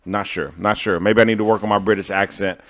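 Deep-voiced upbeat American business coach. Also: male voice, little pitch movement, fast talker, fairly bright tone. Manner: upbeat, motivational, talks to viewers directly. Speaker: food truck business coach. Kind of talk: presenting business tips over charts.

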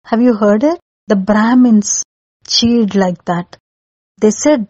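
A woman's voice: mid-range voice, steady tone, unhurried, a little mellow, no room sound, lo-fi sound. A woman narrating an epic story in a chatty way, explaining scenes with everyday comparisons and acting out the crowd's cries. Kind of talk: casual storytelling narration for children.

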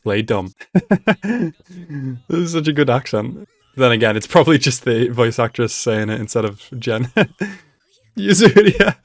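Male reaction host, casual and excitable, ordinary pitch, dry sound. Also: moderate pace, dry recording. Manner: excitable, laughs often, exclaims at the screen. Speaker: anime reaction channel host.

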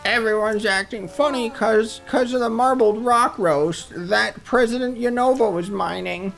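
A man's voice: high-pitched, measured pace, vocal fry, fairly bright tone, pitched above the performer's own voice, full character voice, rough recording. A man voicing a gossipy, worried rock-creature townsman in a video game, with faint music behind.

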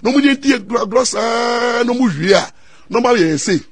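A middle-aged Ghanaian man and lawyer, telling stories in an excitable way, mixing Twi and English and repeating his words. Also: extremely high pitch, brisk, husky, dry recording. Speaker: lawyer and commentator. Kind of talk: animated storytelling talk.

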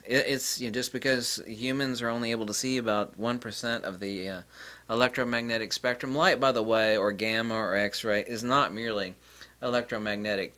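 Forceful, combative man ranting. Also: on the low side. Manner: combative, profane and rambling; scornful toward critics. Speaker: channel host. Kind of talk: ranting solo lecture.

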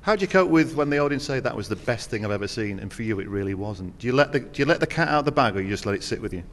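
A man's voice: medium pitch, lively intonation, very fast, fairly bright tone. A male radio host conducting an interview, asking chatty, leading questions. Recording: long hall reverb.

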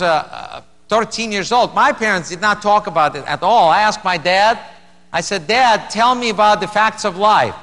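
A middle-aged man with a Russian accent telling a stand-up story, halting and restarting as he acts out quotes. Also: sits high, bright, forceful tone. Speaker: stand-up comedian. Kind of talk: stand-up comedy routine. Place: theater stage. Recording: live venue with long reverb, faint hum. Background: audience laughter.

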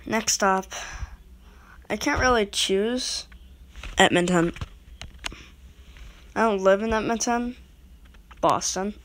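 Slow, rambling woman vlogger. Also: mid-range voice, a bit bright, slight background noise. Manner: rambling, self-interrupting, talks to viewers directly. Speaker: video creator rating goal horns. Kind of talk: casual rambling vlog talk.

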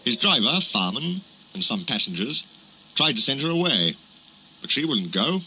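A man narrating a storybook with an expressive, animated reading. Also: medium pitch, moderate pace, slight background noise. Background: loud music.

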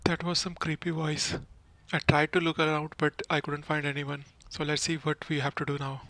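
A man's voice: on the high side, completely flat delivery, normal speed, pushed and bright, dry recording, low-quality recording. A man casually commenting on a game walkthrough, explaining each step plainly. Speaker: gaming channel host.

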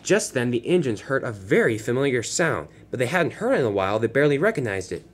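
A man's voice: medium pitch, big pitch swings, fast talker, husky. A young man narrating a homemade toy train story, often stumbling and restarting his sentences.

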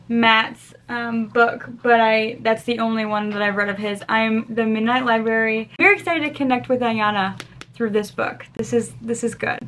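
Excitable young woman vlogger, kinda high voice, faint hiss behind. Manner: gushing, excitable. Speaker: book vlogger. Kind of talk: casual unboxing chat.

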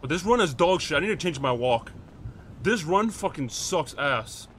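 A man role-playing a mechanic in a game, excitable, slangy and swearing a lot. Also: a little high, moderate pace, slight background noise. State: out of breath. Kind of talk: in-character game role-play.

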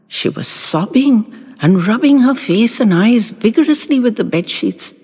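A woman storyteller recounting a family memory with animated expression. Her voice is breathy and rises and falls a great deal. The recording has a long, echoing reverb. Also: sits low. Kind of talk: storytelling narration. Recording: echoey room with long reverb.

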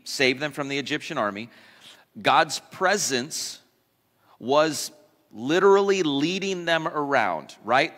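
A male pastor with a mid-range, fairly bright voice preaches a sermon casually and conversationally, putting questions to the congregation and slipping in light asides. The church sanctuary gives the recording a long reverb.

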